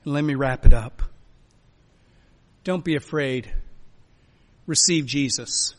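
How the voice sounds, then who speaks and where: A man preaching a sermon as a pastor, emphatic, swinging between loud urging and quiet, soft lines. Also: mid-range voice, slow. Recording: long hall reverb.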